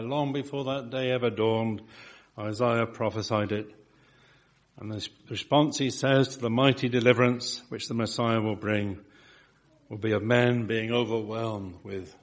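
Slow, emphatic male preacher. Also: on the low side. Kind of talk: sermon.

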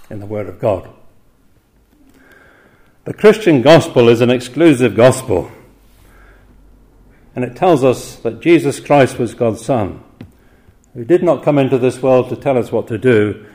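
A man preaching an evening sermon, earnest and emphatic, posing rhetorical questions and slowing down to quote scripture. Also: medium pitch, a little mellow.

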